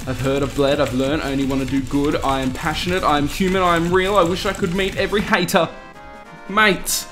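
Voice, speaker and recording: A man giving casual, jokey let's-play commentary, swearing freely and reading lines aloud in mock-dramatic bursts while typing on a loud mechanical keyboard. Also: a little high, fairly even intonation, fairly quick, faint music behind. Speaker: gaming YouTuber. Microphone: desk mic beside a loud mechanical keyboard.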